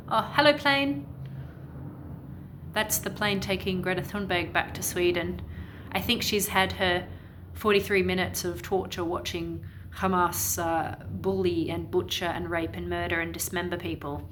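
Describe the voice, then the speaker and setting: A woman's voice: lowish voice, steady tone, a little slow, a bit bright, slight background noise. A woman from Ireland giving opinionated, sarcastic and indignant commentary in a vlog. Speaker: commentary vlogger.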